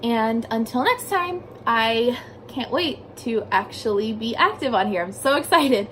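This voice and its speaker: Young woman, casual storytime vlog, lots of "like", casual swearing, slightly high-pitched. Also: expressive, a little slow, a bit bright, slight background noise. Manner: chatty, fills speech with "like", swears casually. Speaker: vlogger. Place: her bedroom.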